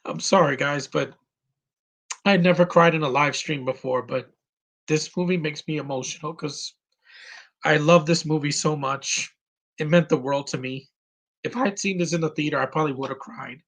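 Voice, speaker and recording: A man in his thirties, near tears, giving an earnest and halting live commentary as host of his own stream. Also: on the high side, a bit bright. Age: 30s.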